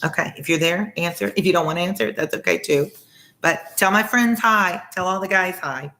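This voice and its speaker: A low-voiced woman reading a classic novel aloud as a former teacher. She keeps stopping for chatty, friendly asides and gets sidetracked easily. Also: normal speed, pushed and bright. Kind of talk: casual read-aloud with asides.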